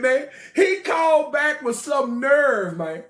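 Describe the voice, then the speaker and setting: Animated joking male storyteller. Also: very high voice, takes it slowly, few pauses. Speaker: study group leader. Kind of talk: comic retelling and reading of an ancient text.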